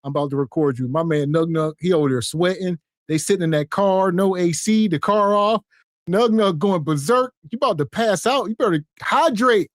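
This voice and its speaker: A man's voice: high voice, moderate pace, dry recording, clean studio sound. A man hosting a podcast, joking about a video clip in a laid-back way and chuckling as he talks. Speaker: podcast host. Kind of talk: casual commentary on a video clip.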